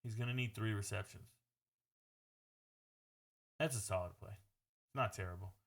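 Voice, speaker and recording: A man's voice: lowish voice, moderate pace, fairly bright tone, slightly rough. A man talking through his sports betting picks in a casual, brash monologue, blunt and swearing freely as he addresses viewers as "bro.".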